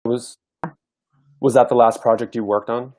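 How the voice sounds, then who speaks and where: Very low-voiced woman show host. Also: flat delivery, normal speed, warm tone. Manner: brief backchannels and short follow-up questions. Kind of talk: casual interview.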